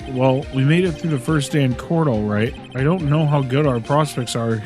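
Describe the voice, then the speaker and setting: A man's voice: medium pitch, moderate pace, over music. A man streaming a game, reading the hero's lines aloud in a dry, matter-of-fact way. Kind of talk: casual game voice-over.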